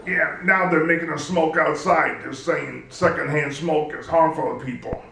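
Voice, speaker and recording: A man putting on a raspy, middle-aged chain smoker who sighs and groans with pleasure. He keeps a flat, deadpan delivery. The sound is distant and echoing in a busy live room. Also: a little high, normal speed, voice pushed up. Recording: roomy live venue, distant mic, noisy.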